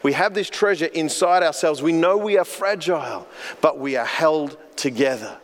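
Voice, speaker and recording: Earnest pastor preaching in a reverberant hall. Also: male voice, a little high, normal speed. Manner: earnest, storytelling with frequent repeated words. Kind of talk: sermon.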